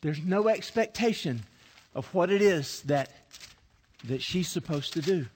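A man with a high voice preaches an animated sermon and acts out scripture scenes. He often restarts his sentences as he builds each point. His voice rings through the long reverb of a large church sanctuary. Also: a little slow, husky.

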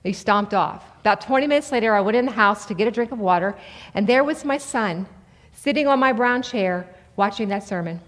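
A woman in her forties preaching a sermon in a conversational, animated way to an audience in a large hall. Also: mid-range voice, a little fast. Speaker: speaker at a church. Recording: long reverb of a large hall.

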